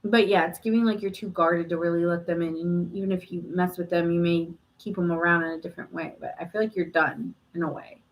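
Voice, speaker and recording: A woman's voice: lowish voice, fairly even intonation, brisk, few pauses, low-quality recording. A woman hosting a live tarot reading stream, chatting casually and answering viewer comments with frequent laughs.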